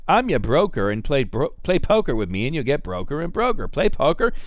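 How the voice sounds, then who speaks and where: A man voicing a smarmy male stockbroker who rattles off rhyming, showy sales patter in a raised, louder voice. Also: medium pitch, very animated, brisk, no room sound, close to an everyday voice. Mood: teasing.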